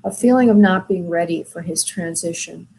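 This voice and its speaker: A woman hosting a call-in show as a spirit medium, talking gently and soothingly to callers, with many fillers. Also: on the low side, moderate pace, creaky, slight background noise, poor audio. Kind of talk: call-in reading, soft and consoling.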